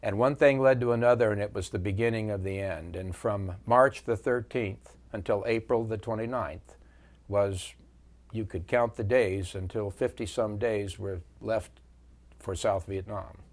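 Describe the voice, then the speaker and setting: A man in his seventies, interviewed as a veteran, recounting wartime memories with measured storytelling and frequent pauses. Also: lowish voice.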